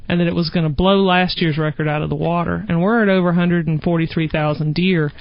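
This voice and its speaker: A woman from Georgia with a Southern accent, a wildlife biologist talking lively in a radio interview. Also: lowish voice, fast. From Georgia, USA. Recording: dull dry studio sound.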